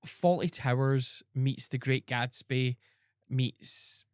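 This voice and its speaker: A man's voice: medium pitch, steady tone, takes it slowly, clear, resonant tone, no echo, clean studio sound. A man hosting a podcast, rambling with lots of ums and restarts. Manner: rambling, many fillers and restarts. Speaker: podcast host. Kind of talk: casual chat.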